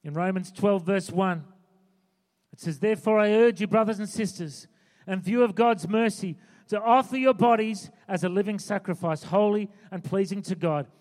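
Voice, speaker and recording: A man's voice: high voice, moderate pace, a little mellow. A man preaching a sermon, fervent and urgent, driving his points home by repeating phrases. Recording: long hall reverb.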